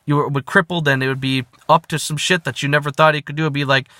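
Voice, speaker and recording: Profane, ranting man, bright and dry. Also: a little high, steady tone, quick pace, dry recording. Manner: profane, ranting, rambling with rhymes. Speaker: rapper ranting to his channel. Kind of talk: angry freestyle rant.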